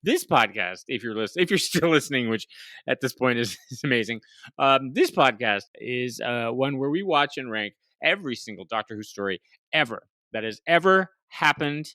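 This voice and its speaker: A man's voice: mid-range voice, expressive, moderate pace, pushed and bright, no echo. A middle-aged man co-hosting a podcast, joking and rambling in casual chat, laughing at his own jokes. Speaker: podcast co-host.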